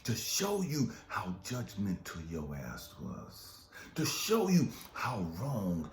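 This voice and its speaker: A man's voice: fairly low pitch, huge pitch swings, slow, slight background noise. A man giving an impassioned motivational monologue as a life coach, swearing often and hammering repeated rhetorical questions. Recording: echoey room with faint music.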